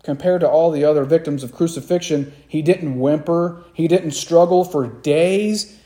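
A man's voice: a little high, normal speed, hardly any pauses, mellow. A man preaching a sermon, retelling a scene dramatically and repeating key phrases for emphasis.

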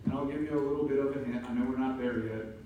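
A man preaching an emphatic sermon as pastor, building to loud peaks. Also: medium pitch, fairly even intonation, quick pace, narrow, tinny audio, background noise. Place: church sanctuary. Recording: echoey room from far off.

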